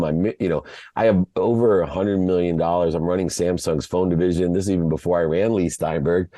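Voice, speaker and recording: A man from Ohio, a podcast guest, telling a personal story in an emotional, halting way, often repeating words. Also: low-pitched, warm tone, dry recording. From Ohio, USA.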